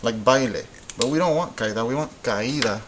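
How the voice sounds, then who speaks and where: A man teaching Spanish in a relaxed, patient way, thinking aloud as he works through examples. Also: medium pitch, brisk, noisy background. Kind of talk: informal classroom explanation.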